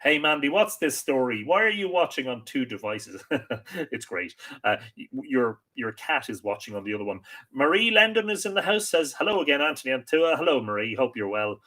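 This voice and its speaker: Chatty Irish man, husky voice. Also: medium pitch, big pitch swings, a little fast, pushed and bright. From Ireland. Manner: chatty and friendly, with many hesitant repeats. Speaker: host of a live mythology show. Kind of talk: casual live-stream chat, reading viewer comments.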